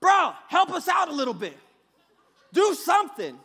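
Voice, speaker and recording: A man voicing panicked disciples who shout and plead with a teacher in a storm. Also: very high-pitched, very animated, moderate pace, big-room sound, exaggerated voice. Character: panicked young male disciples on a boat.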